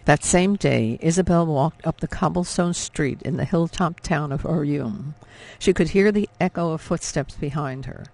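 A male audiobook narrator giving a measured, dramatic scripted reading. His voice is gravelly and sits a little high for a man. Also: darkish tone.

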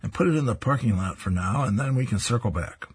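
Man reading comic goat, brisk office jargon, husky. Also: medium pitch, lively intonation.

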